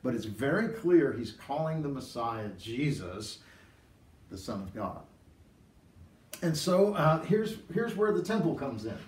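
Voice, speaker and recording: A middle-aged man teaches from scripture in an animated storytelling way, pushing up into excited emphasis on key points. His mid-range voice rings in a roomy space, picked up from a distance. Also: medium pitch, unhurried, a little hiss or hum. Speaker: preacher. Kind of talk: Bible teaching.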